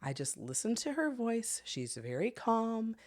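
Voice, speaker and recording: A woman hosting her own podcast, teaching in an animated way and laughing often, with quick bursts of speech. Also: on the high side. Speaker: podcast host.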